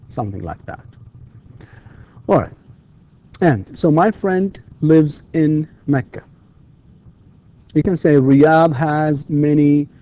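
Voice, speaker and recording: A man teaches English to distance-learning students, slipping into to explain and pausing often on fillers. His voice is mellow and mid-pitched. The recording is dull and lo-fi.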